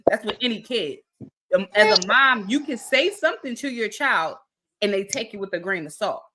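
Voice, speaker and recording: Woman, host, bright forceful voice, emphatic, casual video-call chat. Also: medium pitch, lively intonation, normal speed. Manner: emphatic, asks the audience directly.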